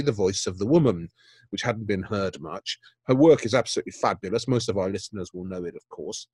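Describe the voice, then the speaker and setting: A man with a medium-pitched voice, recorded dry, co-hosts a podcast and chats casually about art. He's enthusiastic and tends to repeat words when he gets carried away.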